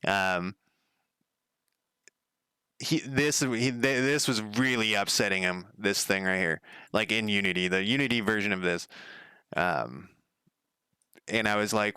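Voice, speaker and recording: A man's voice: lowish voice, measured pace, long pauses, sharp tone, clear, resonant tone, no echo. A man giving rambling, profane casual commentary while coding on a live stream, laughing at himself. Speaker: game developer streaming his work.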